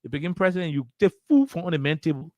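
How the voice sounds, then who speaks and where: A Liberian English speaker with a fairly high pitch for a man, holding forth on a radio talk show. He hammers his points with repeated words and rhetorical questions. The sound is dry and close with no room around it. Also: sing-song, very fast, a little mellow, no room sound, muffled recording. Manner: impassioned, repetitive, rhetorical questions. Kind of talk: political commentary. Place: radio studio.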